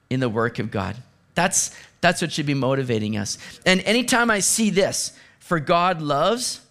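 A man preaching a sermon as pastor, animated, moving from hushed asides to excited exclamations. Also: on the high side.

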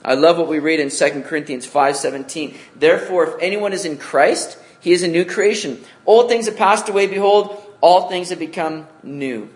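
Male pastor mid-sermon, slightly high voice, animated and conversational. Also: normal speed, hardly any pauses.

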